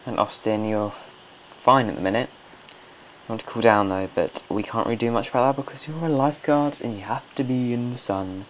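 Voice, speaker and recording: A man's voice: mid-range voice, brisk, slight background noise. A man hosting a casual gameplay commentary from home, chatty, coaxing and scolding his game characters. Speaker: let's play host.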